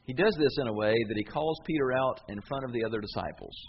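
A man's voice: medium pitch, fast, breathy edge, highs cut off. A man pastor preaching a sermon, retelling scenes in a colloquial, dramatic storytelling way.

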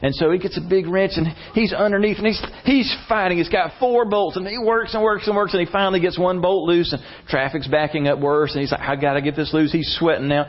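A male pastor tells a sermon story in an animated way, his voice climbing high at the tense parts. His voice sits a little high for a man. The recording is slightly dull and lo-fi. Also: fairly quick, hardly any pauses.

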